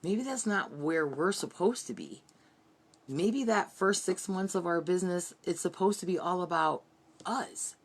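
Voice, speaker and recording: A woman's voice: fairly low pitch, unhurried, gravelly, breathy edge. A woman giving an earnest, heartfelt motivational team training from her bedroom. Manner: earnest, heartfelt, repetitive pep-talk.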